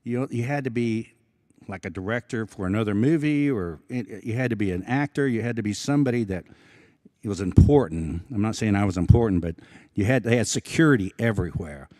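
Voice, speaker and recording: An Osage man from Oklahoma, a film actor speaking as an event guest, telling stories in a halting, earnest way with many restarts. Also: lowish voice, warm tone, dry recording, studio quality. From Osage Nation, Oklahoma. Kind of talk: casual storytelling talk. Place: public evening event.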